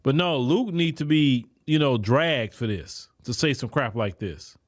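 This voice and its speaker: A man's voice: mid-range voice, measured pace. A man hosts a podcast, delivering an indignant political commentary monologue and repeating words when heated. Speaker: podcast host.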